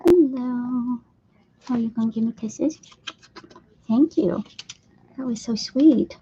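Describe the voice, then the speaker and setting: Speaking slowly in a voice on the high side, a woman hosts a relaxed craft-room livestream. Her pets get sing-song, coaxing baby talk, and at times she softens to a whisper. Faint noise sits under the dull, lo-fi stream audio.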